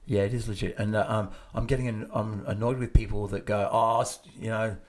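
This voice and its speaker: A hoarse man co-hosting a podcast, chatting bluntly with swearing and trailing fillers. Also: lowish voice, steady tone, fast, dark tone. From Australia. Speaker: podcast co-host. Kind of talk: casual chat.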